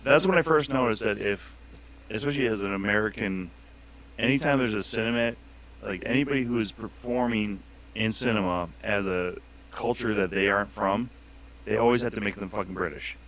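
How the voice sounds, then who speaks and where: A man's voice: on the low side, a little fast, a bit bright, rough recording. A man chatting casually as a guest on a livestream, joking crudely and swearing a lot.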